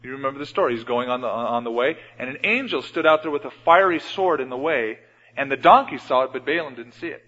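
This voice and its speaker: A man preaching a sermon in a church, retelling Bible stories and often changing his loudness. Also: medium pitch, quick pace. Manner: storytelling, acts out Bible scenes with shifts in loudness. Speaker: pastor. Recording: dull radio broadcast with long hall reverb.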